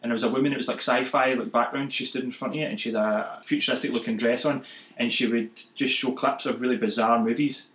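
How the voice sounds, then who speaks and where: A man's voice: medium pitch, steady tone, fast, fairly bright tone, echoey room, low-quality recording. A man, a podcast co-host, rambling through stumbling retellings in casual chat and laughing a lot.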